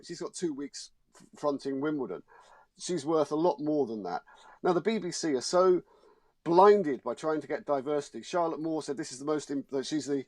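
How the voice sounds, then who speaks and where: Journalist guy on a talk show, a bit high voice, dry sound, fired up and repetitive. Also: normal speed, a little mellow, dry recording. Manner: emphatic, indignant, repeats words. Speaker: showbiz journalist guest. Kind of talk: opinionated studio discussion. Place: TV studio.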